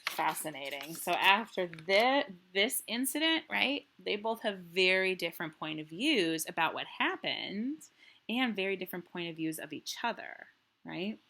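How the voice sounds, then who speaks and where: A woman teacher reading a children's novel aloud and pausing to ask the class questions, checking in with "right?" as she goes. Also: lowish voice, big pitch swings, bright, forceful tone.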